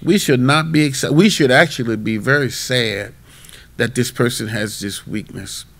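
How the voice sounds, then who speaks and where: A man, a bishop, teaching a midweek Bible class and telling a story in a lively, emphatic way. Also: medium pitch, moderate pace, vocal fry.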